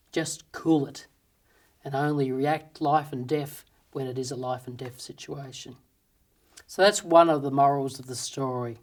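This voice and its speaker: A man telling a fable and then drawing its moral in an earnest, plain-spoken way, with rhetorical questions. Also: medium pitch. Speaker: storyteller and motivational speaker.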